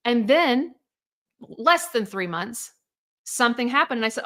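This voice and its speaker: A woman's voice: fairly high pitch, expressive, measured pace, long pauses, a bit bright. A woman coaching people through divorce in a blunt, emphatic monologue, swearing freely and firing off rhetorical questions. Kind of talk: motivational monologue.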